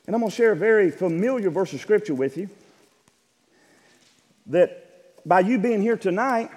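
Fervent high-voiced preacher in a hall. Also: male voice. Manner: builds from measured reading to shouted fervor. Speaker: Baptist preacher. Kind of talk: sermon. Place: church sanctuary.

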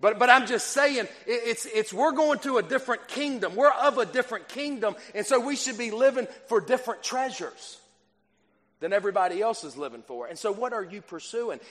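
A man delivers an earnest sermon, circling back over his phrases and restarting sentences as he works through a point. His voice sits high for a man. It rings out with a long reverb from the church hall. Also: expressive, brisk, fairly bright tone. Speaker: preacher.

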